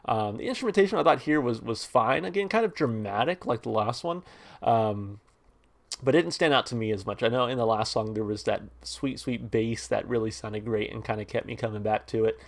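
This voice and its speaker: A man hosting a music reaction channel, talking through a song in a relaxed, rambling way and reading its lyrics aloud. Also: medium pitch, a little fast, gravelly. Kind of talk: casual music review talk.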